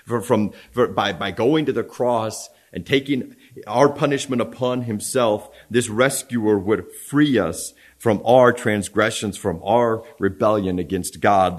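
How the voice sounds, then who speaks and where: A man's voice: lowish voice, husky. A man preaching a sermon. He reads scripture aloud, then explains it in plain words, often restarting and repeating himself for emphasis. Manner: frequent restarts and stammered repeats.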